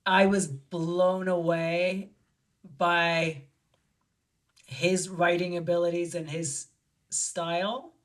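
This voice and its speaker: A woman filmmaker telling an anecdote in an interview, animated and acting out the voices of the people she quotes. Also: extremely slow, pauses often. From lived in Barcelona. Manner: animated, acts out quoted voices with big pitch jumps. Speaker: guest filmmaker. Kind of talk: storytelling in an interview.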